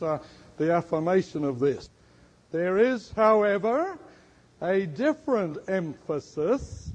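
A man's voice: high voice, darkish tone, highs cut off. A man preaching a sermon and teaching, quizzing his listeners and stressing words emphatically. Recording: long hall reverb.

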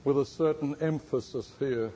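A man's voice: mid-range voice, normal speed, dark tone. A man preaching a sermon and teaching, quizzing his listeners and stressing words emphatically. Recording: long hall reverb.

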